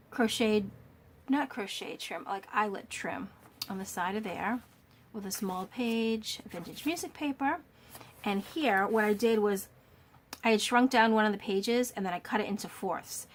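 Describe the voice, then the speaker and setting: A woman walking through a handmade journal she made, gushing over each page with many fillers and restarts, her voice a little worn. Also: mid-range voice. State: slightly losing her voice. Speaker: crafter showing a handmade journal. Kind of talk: casual show-and-tell walkthrough.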